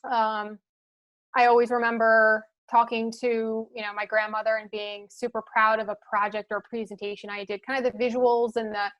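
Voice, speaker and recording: A woman's voice: fairly high pitch, little pitch movement, moderate pace, fairly bright tone. A woman from the Philadelphia suburbs with a light Philadelphia accent, chatting as a podcast guest and thinking aloud with many fillers. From Philadelphia suburbs, USA. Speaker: guest, marketing leader. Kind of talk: casual podcast conversation.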